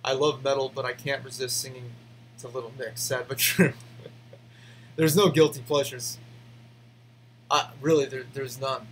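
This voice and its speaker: A man casually chatting to fans, rambling with many restarts and fillers, then ranting defensively. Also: mid-range voice. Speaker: YouTube host answering fan questions. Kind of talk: casual behind-the-scenes chat.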